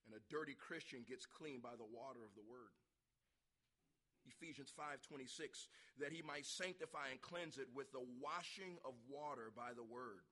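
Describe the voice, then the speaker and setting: Fiery preacher man with a bright voice. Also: medium pitch. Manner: impassioned, bursts into loud shouts, asks the congregation questions. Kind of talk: revival sermon.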